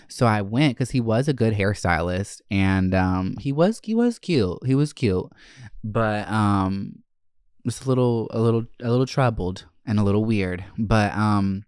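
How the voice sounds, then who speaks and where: A man hosting a podcast, telling stories in a brash, profane, animated way and acting out quotes. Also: lowish voice, a little slow, clear, resonant tone, no room sound, clean studio sound. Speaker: podcast host. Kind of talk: casual storytelling chat.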